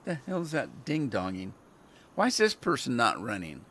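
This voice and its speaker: A man's voice: mid-range voice, huge pitch swings, moderate pace, a bit bright, breathy edge. An older American man chatting and telling rambling stories while he streams a farming game, often chuckling. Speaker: gaming livestreamer. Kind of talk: casual chat while playing.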